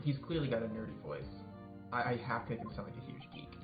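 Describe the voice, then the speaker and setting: A man's voice: medium pitch, very animated, fast talker, roomy sound, recorded from a distance. Goofy male game host, tinny phone-like sound, game music behind. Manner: goofy, joking, reads game lines in silly voices. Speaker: gaming channel host. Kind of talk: comedic game playthrough.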